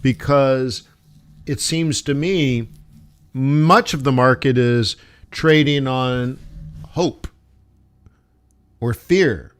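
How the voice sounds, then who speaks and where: A man with a mid-range, clean-toned voice live-streams his forex trades, musing aloud over his charts. He speaks slowly and thoughtfully, calling his chat viewers "guys" as he gives his trading commentary.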